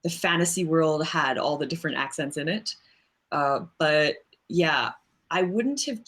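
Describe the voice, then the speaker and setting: A woman voice actor answering interview questions in a relaxed, thoughtful way, with many fillers and frequent laughs. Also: low-pitched, unhurried. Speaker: voice actress guest. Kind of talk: casual interview chat.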